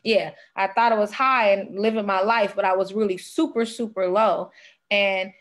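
A woman's voice: medium pitch, steady tone, normal speed. A young woman speaking as a podcast guest, sharing an earnest personal testimony and fighting back tears.

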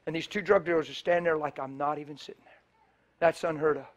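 A man's voice: fairly high pitch, fast talker. A middle-aged man preaching a sermon, telling stories in a passionate, colloquial way and acting out the dialogue. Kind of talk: sermon storytelling.

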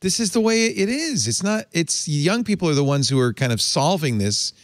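A man's voice: on the high side, normal speed, no room sound, clean studio sound. An older man hosting a casual tech panel chat, joking and asking questions. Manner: lively, joking, asks questions. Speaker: host.

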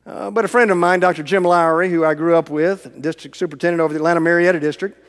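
A middle-aged man preaching a sermon as an evangelist. He tells a story dramatically, dropping from loud to hushed, almost whispered lines. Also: on the high side, steady tone, fast talker. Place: large church sanctuary. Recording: long church reverb.

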